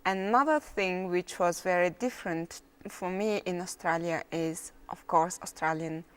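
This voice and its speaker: A woman veterinarian from Mongolia with a Mongolian accent, answering interview questions in careful, halting English learned as a second language. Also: fairly low pitch, clean tone.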